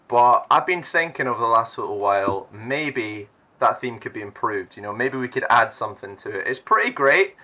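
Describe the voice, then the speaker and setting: A man's voice: medium pitch, sharp tone, low-quality recording. A man hosting a youth livestream, chatty and upbeat, laughing often. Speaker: youth leader and stream host. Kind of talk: casual chat.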